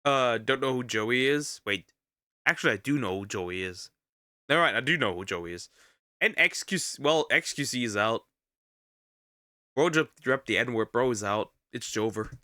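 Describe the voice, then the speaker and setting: Male streamer reaction voice: bright and tense tone, dry close sound, blunt and ranting. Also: mid-range voice, expressive, moderate pace, dry recording. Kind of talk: casual reaction commentary.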